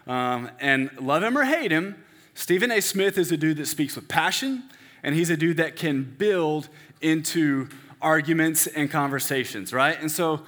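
A man preaching a sermon in a relaxed, conversational way, often checking in with the congregation. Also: on the high side, unhurried. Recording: echoey hall with long reverb.

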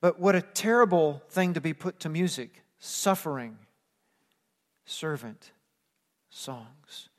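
A man with a notably high voice preaches with earnest conviction, breaking into casual everyday asides. His words ring out with a long reverb, as in a church sanctuary. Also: expressive, slow, long pauses. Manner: earnest preaching, acts out plain-spoken asides. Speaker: pastor. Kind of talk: sermon.

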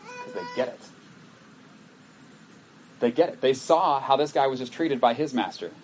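Male pastor, mid-pitched, chatty sermon delivery with scripture readings, faint hiss behind. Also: animated, normal speed, darkish tone, rough recording. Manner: conversational, reads scripture aloud with acted asides.

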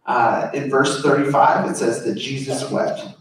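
A man's voice: medium pitch, steady tone, measured pace. A man preaching a sermon in an earnest, informal, conversational way, explaining a scripture passage. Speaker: pastor. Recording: very echoey room, voice far from mic.

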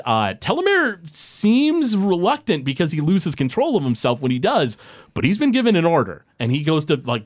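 A man narrating a tabletop game as game master, his pitch lively and roaming. He rambles and restarts often, and the recording sounds dry and close. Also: dry recording. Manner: rambling, full of fillers and restarts.

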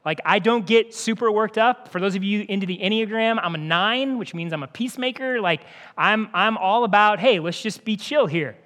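A middle-aged man with a high-pitched voice preaches to his congregation in a relaxed, conversational way that builds to earnest peaks. His voice rings out with a long hall reverb from the church auditorium. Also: moderate pace, few pauses. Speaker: pastor. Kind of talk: sermon.

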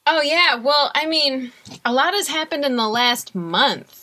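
A woman composer, a guest on a podcast, chatting in a rambling, animated way and often laughing. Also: high-pitched, a little slow. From USA. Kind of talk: casual conversation.

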